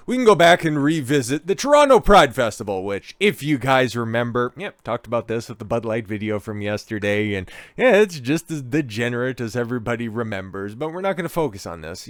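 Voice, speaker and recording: A man hosting a commentary vlog, speaking in a sarcastic, scornful and animated rant. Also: lowish voice, dry recording. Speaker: commentary host.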